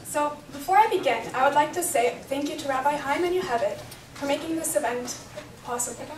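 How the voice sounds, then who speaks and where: A young woman speaks a little fast in a high voice as she reads her earnest, emotional bat mitzvah speech from notes at the celebration. Background noise is present, and she's captured from far off in a hotel function room full of echo.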